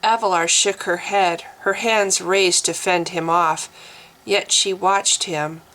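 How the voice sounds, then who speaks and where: A woman reading her own fantasy novel aloud as narrator, slowly and deliberately. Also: fairly low pitch, steady tone, fairly bright tone, poor audio.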